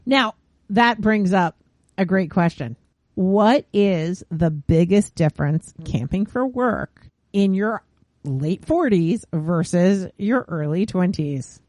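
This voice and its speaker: Low-pitched woman co-host. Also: animated, takes it slowly, darkish tone, dry recording, clean studio sound. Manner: encouraging listener, frequent short agreements. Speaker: podcast co-host. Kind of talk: casual chat.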